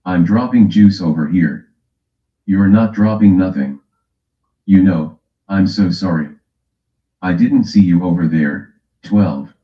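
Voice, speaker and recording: A man's voice: low-pitched, takes it slowly, pauses often, echoey room, muffled recording. A man hosting a livestream in casual chat, brash and teasing as he calls out people in his chat. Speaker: livestream host.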